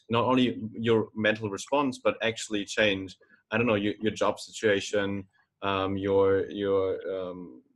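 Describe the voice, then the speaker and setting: A man hosting a podcast interview, talking thoughtfully with frequent pauses and fillers. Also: fairly low pitch. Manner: thoughtful, hesitant, many fillers. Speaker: podcast host. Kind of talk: casual interview talk.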